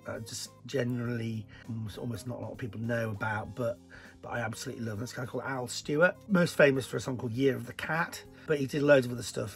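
A middle-aged man from northern England chatting casually as he answers viewer questions, lively and joking between answers. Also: medium pitch, vocal fry. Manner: chatty, animated, jokey asides. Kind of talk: casual Q&A chat.

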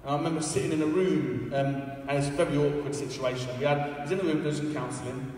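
A man's voice: fairly high pitch, fairly even intonation, quick pace, darkish tone. A man preaching a casual, joking, self-deprecating sermon in a church. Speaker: evangelist preacher. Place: church hall. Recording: echoey hall, far from the mic.

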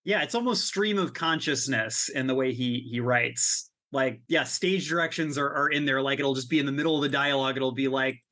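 A man co-hosting a casual book discussion podcast, animated and laughing often, with some swearing. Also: mid-range voice, a little fast, few pauses. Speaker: podcast co-host.

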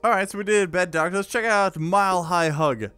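A man giving casual gameplay commentary as host, giggly and excitable. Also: high voice, fairly quick, soft background music.

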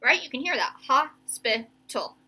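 A young woman teacher giving a remote reading lesson to children, slowly stretching out each word as she sounds it. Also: a little high, expressive, pushed and bright. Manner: slow, stretched-out sounding of words.

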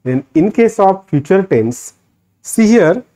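A man with an Indian English accent teaching a grammar lesson, drilling sentence patterns slowly with rising emphasis. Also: high-pitched, very animated, mellow. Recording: dull lo-fi recording.

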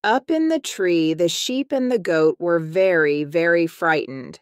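A woman reading a children's story aloud for English learners, slowly and carefully pronounced. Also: on the low side, expressive, clean tone, no room sound, studio quality.

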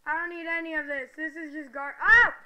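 A woman giving excitable gameplay commentary, exclaiming loudly at every surprise. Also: high voice, fast, noisy background. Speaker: gaming video creator.

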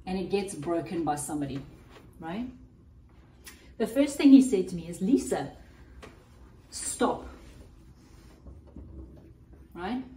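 A woman's voice: fairly low pitch, dark tone, roomy sound, recorded from a distance, slight background noise, poor audio. A woman hosting a Christian podcast as a coach, giving an earnest, reflective teaching monologue and often checking in with "right?".

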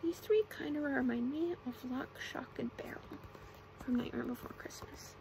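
A woman reading bedtime stories aloud as whispered role-play, in a soft, hushed manner. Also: high voice, moderate pace, vocal fry, rough recording. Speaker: ASMR storyteller.

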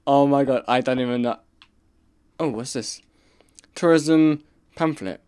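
Brief: male let's-player, slow and chatty, mid-pitched, exclaims at every scare. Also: a little mellow, smooth. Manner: reactive, exclaiming and muttering to himself. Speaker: let's play gamer. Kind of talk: casual gameplay commentary.

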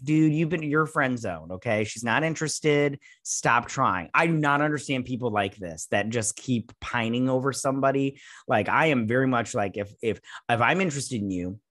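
A man's voice: fairly low pitch, a bit bright, dry recording, studio quality. A man hosting a casual episode review, rambling and blunt with plenty of swearing. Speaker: show host reviewing a TV episode. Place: at home with a dog nearby.

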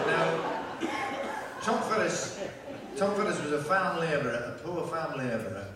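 A man tells a rambling, pun-filled comic story on a festival stage, restarting his phrases as he goes. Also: mid-range voice. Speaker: folk singer telling a comic story. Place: festival stage before a live audience. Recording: echoey distant festival recording with noise.

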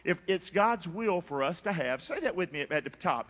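A man preaching a lively sermon, calling out to the congregation for answers and mimicking foolish people. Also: sits high, moderate pace. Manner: energetic, calls for crowd response; mocking voices for foolish people. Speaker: pastor. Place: large church hall. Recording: long reverb of a big church hall.

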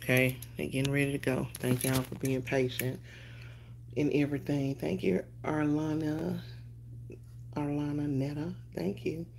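A woman's voice: low voice, flat delivery, measured pace, creaky, darkish tone, a little hiss or hum. A woman hosting a casual live stream at home on her phone, greeting viewers by name and swearing casually.

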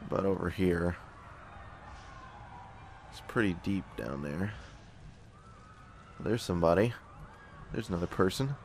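A young man with a very low voice chats through a strategy game, cracking jokes and talking to his soldiers. A faint hum of noise sits under his voice. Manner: joking, talks to his soldiers. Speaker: gameplay commentator. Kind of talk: casual let's-play commentary.

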